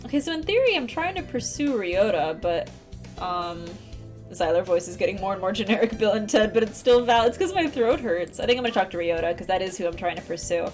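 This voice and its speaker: Woman game streamer, chatty, giggly, lively intonation, faint music behind. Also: medium pitch, a little fast. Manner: chatty, giggly, reads game text aloud. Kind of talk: casual let's-play commentary.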